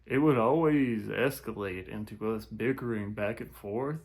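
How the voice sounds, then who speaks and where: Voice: medium pitch, a little slow. An online commentator casually reading posts and comments aloud, often giggling and breaking off into asides and restarts.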